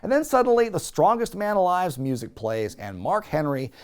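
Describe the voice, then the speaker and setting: A man's voice: high voice, very animated, moderate pace, smooth. A man hosting a wrestling recap podcast, talking in a casual, jokey way and acting out quotes in put-on voices.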